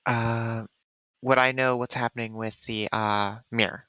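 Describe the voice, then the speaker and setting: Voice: medium pitch, flat delivery, measured pace, sharp tone, no room sound, highs cut off. A tabletop game player chatting casually and laughing often. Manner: giggly, chatty.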